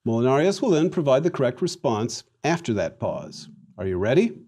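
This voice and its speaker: A man giving a recorded Latin lesson, an animated, theatrical teacher who leads the class through repetition drills. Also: mid-range voice, brisk, breathy edge.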